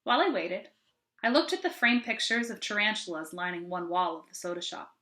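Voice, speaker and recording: Bright-voiced woman reading a novel aloud. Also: on the low side, brisk. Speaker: sixth-grade teacher.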